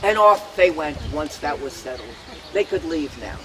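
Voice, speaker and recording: A man's voice: a little high, animated, normal speed, in a large hall, rough recording. An older man giving a prepared, earnest speech at an outdoor memorial dedication, reminiscing about the past and acting out the voices he quotes. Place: outdoors at a public dedication ceremony.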